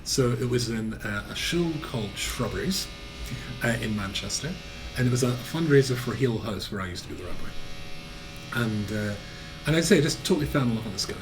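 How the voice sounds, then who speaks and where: A man, a rabbi teaching a lesson as an animated storyteller, full of filler words. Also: fairly low pitch, a little fast, noisy background.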